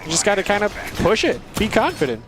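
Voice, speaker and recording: A man's voice: high voice, wildly swooping pitch, fast, over music. A man casting an esports match, breaking down tactics in a detailed, conversational way. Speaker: esports caster. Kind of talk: play-by-play commentary. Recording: noisy background.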